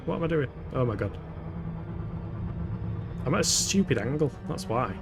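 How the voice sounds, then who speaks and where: A man talks through a game live, chatty and self-mocking, and he swears and laughs often. His voice sits at an ordinary pitch. Game music plays steadily underneath him. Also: big pitch swings, moderate pace, gravelly, pauses often. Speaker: streamer. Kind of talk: live gameplay commentary.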